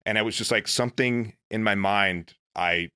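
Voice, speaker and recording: A man's voice: fairly low pitch, normal speed, sharp tone, clear, resonant tone. A man, a former Navy SEAL, telling his own story in casual, earnest, self-deprecating talk.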